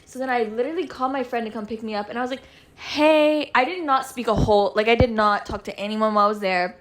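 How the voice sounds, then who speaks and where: A woman's voice: a little high, fast talker, a bit bright. A young woman in casual chat, telling a profane story and acting out what others said. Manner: profane, acts out quoted lines.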